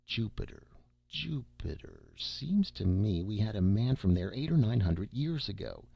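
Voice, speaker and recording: A man voicing a stern, deliberate male head clerk at the gates of heaven, speaking briskly and with questions. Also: fairly low pitch, sing-song, vocal fry, dry recording, lo-fi sound, heavily acted.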